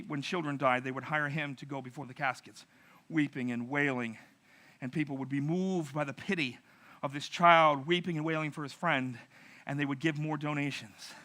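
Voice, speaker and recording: A middle-aged male pastor preaching a narrative sermon, telling stories with animated, acted-out voices. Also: mid-range voice.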